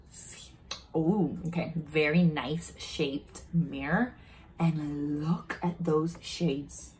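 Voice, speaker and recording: A woman's voice: sits low, a little hiss or hum, low-quality recording. A young woman chatting casually while unboxing and trying on makeup, narrating each step and easily delighted. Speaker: beauty vlogger.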